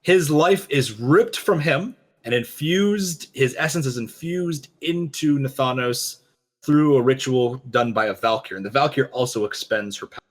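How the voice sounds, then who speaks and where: A man in the middle of his register, co-hosting a relaxed discussion. He tells the story with energy and keeps slipping into quoted dialogue. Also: medium pitch, normal speed. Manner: animated storytelling, quoting characters. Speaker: podcast co-host. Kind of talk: casual lore discussion.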